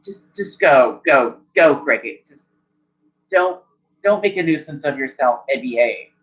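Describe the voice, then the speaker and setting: A man voicing a stern woman in charge who gives brisk orders in a tabletop game. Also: on the high side, animated, lo-fi sound. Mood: commanding. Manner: brisk, commanding.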